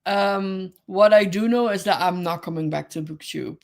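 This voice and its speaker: A woman's voice: medium pitch, moderate pace, gravelly. A woman hosting a casual livestream, chatting with viewers, giggling often and greeting people by name. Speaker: livestream host.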